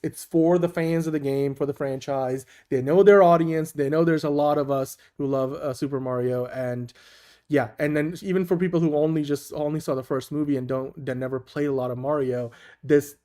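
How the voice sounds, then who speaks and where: A man's voice: fairly high pitch, dark tone. Upbeat man co-hosting a chat show. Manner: upbeat, laughs often, frequent restarts. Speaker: co-host. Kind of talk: casual chat.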